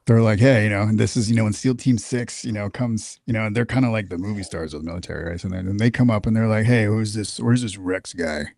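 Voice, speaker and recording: A man's voice: fairly low pitch, fast, creaky, hardly any pauses. A middle-aged man from Texas, a guest in a casual interview, telling stories candidly with profanity and many restarts. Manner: profane, candid, animated storyteller with frequent restarts. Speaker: podcast guest, military veteran.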